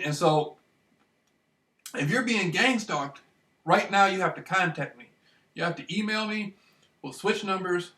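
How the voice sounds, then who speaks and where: Animated man in an echoey room. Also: high voice, recorded from a distance. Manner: animated, repetitive, keeps asking "you know what I mean"; swings between loud bursts and hushed murmurs. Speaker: vlogger. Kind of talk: casual monologue to camera.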